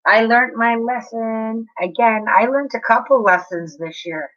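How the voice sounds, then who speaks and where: A woman's voice: on the high side, measured pace, fairly bright tone, highs cut off. A woman chatting casually with viewers on a live stream, apologetic and talking straight to her chat.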